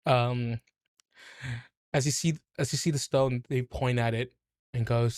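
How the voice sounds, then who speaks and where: A man runs a tabletop game as game master and narrates at an unhurried, halting pace. His voice sits in a middle pitch. The sound is dry and close. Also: no room sound. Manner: relaxed, halting, with fillers.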